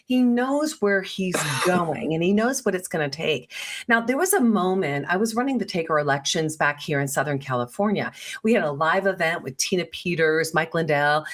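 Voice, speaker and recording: Enthusiastic woman co-host. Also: fairly low pitch. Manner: enthusiastic, emphatic, laughs often. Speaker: co-host, coach. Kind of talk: talk-show chat.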